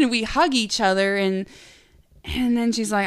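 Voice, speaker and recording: Speaking at a normal pace in a clear, resonant voice on the high side, this woman in her thirties shares race stories as a podcast guest. A pro gravel cyclist, she tells them bubbly and laughing, imitating what others said, in a casual interview. The recording is dry and studio quality.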